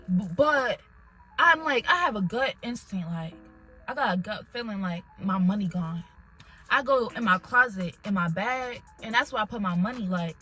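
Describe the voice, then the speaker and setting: A young adult woman vlogger excitedly telling a personal story in casual chat, swearing now and then. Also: medium pitch, low-quality recording. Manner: animated, emotional retelling with swearing.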